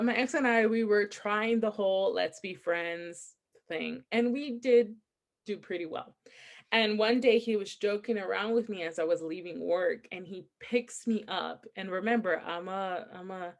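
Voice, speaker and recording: A young adult woman co-hosts a casual podcast chat in a mid-range voice at a measured pace. She tells a story with animated energy, laughing often and acting out quotes.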